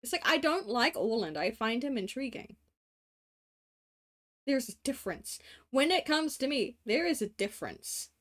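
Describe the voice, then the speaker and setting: A woman's voice: fairly high pitch, lively intonation, normal speed, long pauses, a bit bright. An Australian woman in her late twenties, streaming casual chat while drawing, rambling with many fillers, casual swearing and frequent laughs. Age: late 20s.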